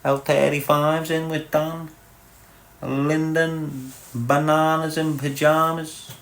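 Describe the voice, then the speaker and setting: A man's voice: fairly high pitch, flat delivery, takes it slowly, gravelly, a bit bright. A man with a Liverpool Scouse accent hosting a livestream, bantering crudely and teasing viewers as he reads the chat. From Liverpool, England. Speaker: livestream host reading chat. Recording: echoey room.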